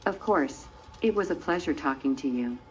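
A courteous humanoid robot speaks in a measured, even manner, voiced by a synthetic woman's voice. The tone is dark and mellow, sitting a little low. The sound is dull and muffled, with a faint hiss underneath. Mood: polite. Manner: polite, measured, even delivery. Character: humanoid robot, polite multilingual machine.

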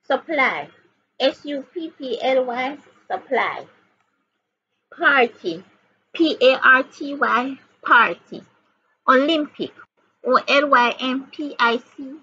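A woman's voice: high voice, bright, forceful tone, slightly rough. A woman with a Jamaican accent teaching reading, spelling out each word letter by letter and repeating words and questions as she goes. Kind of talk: slow spelling and reading lesson. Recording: dull lo-fi audio with faint background noise.

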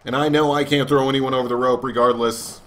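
A man's voice: mid-range voice, level tone, fast, fairly bright tone. A man commentating a wrestling video game as a let's play host, joking in a mock announcer way. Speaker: gaming channel host.

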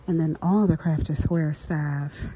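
A woman's voice: low voice, unhurried. Chatty woman vlogging in a noisy store. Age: adult, married mother. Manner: chatty, excitable, talks to viewers as "girl" and "y'all". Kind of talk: casual shopping vlog narration. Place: inside a large retail store. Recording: store background noise and clicks.

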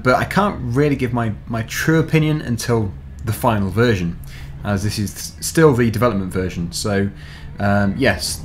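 Man, gameplay host, casual chatty commentary, mid-pitched voice, explains each step. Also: a little hiss or hum. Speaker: gaming video host.

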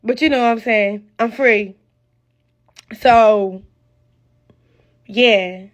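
A high-pitched woman rambles excitedly on a live stream, dropping slang and losing her train of thought as she goes. The sound is dull and lo-fi, like a phone recording. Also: drawn-out words. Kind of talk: casual live stream talk.

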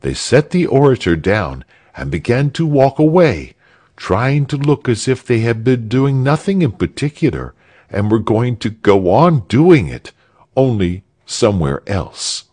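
Slow, expressive male story narrator. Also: mid-range voice. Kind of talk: story reading for English learners.

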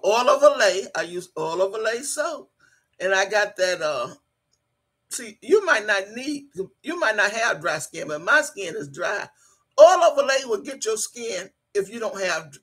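Older lady in her 60s on a live stream, husky bright voice, loud and laughing, cusses a lot. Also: mid-range voice. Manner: loud, laughing, teasing commentary; chatty, colloquial, swears freely. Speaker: livestream host reading chat. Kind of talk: casual live-stream chat.

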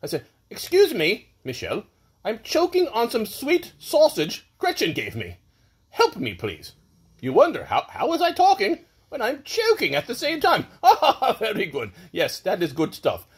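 A man does a full character voice of a pompous British lord with a mustache for a funny birthday video. His pitch swoops wildly, his pace is unhurried, and there's a breathy edge. He hams it up, lurching from shrill to low.

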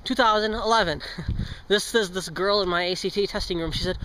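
On a street with cars going by, a teenage boy walks and vlogs casually, joking, swearing, rambling and tripping over what he says. His voice sits high with a sharp tone and runs a little fast. The recording is poor, with slight background noise.

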